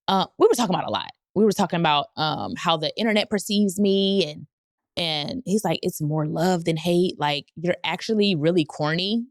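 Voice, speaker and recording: A woman's voice: sits low, dry recording, studio quality. A woman podcast host telling a personal story in a candid, casual way, often laughing and quoting people.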